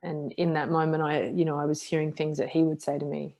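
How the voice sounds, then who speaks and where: Briskly and candidly, a middle-aged martial artist shares a hard part of her life on a podcast. Her voice is notably low, and her frank, self-deprecating retelling is animated, with acted-out quotes from both her and others.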